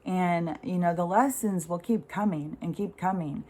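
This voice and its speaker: Rambling middle-aged woman, low voice. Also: normal speed, warm tone. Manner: rambling and conversational, many fillers, casual swearing. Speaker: spiritual speaker. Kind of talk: casual spiritual monologue.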